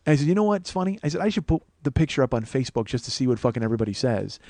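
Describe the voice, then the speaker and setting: A man's voice: mid-range voice, rapid-fire, dark tone, no room sound. Man in his 40s, comedian host, casual monologue, profane, acts out quotes, dry sound.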